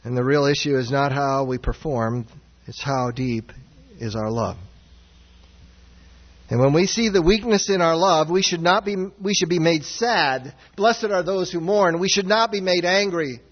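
A man preaching a sermon as pastor, earnest and searching, swinging from raised, near-shouted passages down to low, quiet ones. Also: unhurried. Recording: dull sound with long hall reverb.

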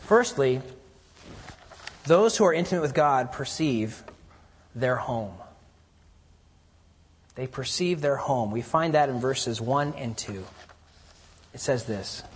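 A man preaching a sermon in an earnest way, swinging between loud emphasis and hushed, quiet lows. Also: lively intonation, takes it slowly, long pauses, husky. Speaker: pastor. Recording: reverberant hall.

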